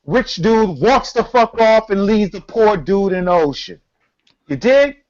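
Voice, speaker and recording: Animated slangy man telling a story. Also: high-pitched, measured pace, dull audio. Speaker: podcast co-host. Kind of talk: storytelling in casual chat.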